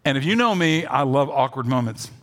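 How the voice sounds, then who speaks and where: A man pastor preaching a sermon, telling a story with animated swings between loud urging and quiet asides. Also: mid-range voice, brisk.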